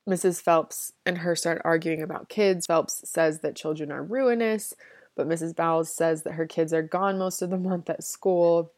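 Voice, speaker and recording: A woman's voice: lowish voice, moderate pace, darkish tone, dry recording, studio quality. A woman giving a casual, chatty retelling of a novel's plot, with a slangy way of talking and frequent "like". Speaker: book summary presenter. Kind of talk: casual book summary.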